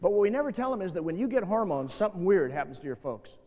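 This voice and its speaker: A man's voice: sits high, very animated, quick pace, warm tone, slight background noise. A middle-aged man giving a passionate seminar talk to youth workers in a church hall. He tells stories animatedly and acts out the voices he quotes. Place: large church hall with audience. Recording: reverberant hall, glitchy VHS tape transfer.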